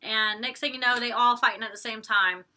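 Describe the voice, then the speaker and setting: Young woman, bright voice, slightly high pitch, casual slangy recap. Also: fairly even intonation, brisk. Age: young adult. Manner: chatty, slangy, acts out quotes with laughs. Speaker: vlogger reviewing a reality show.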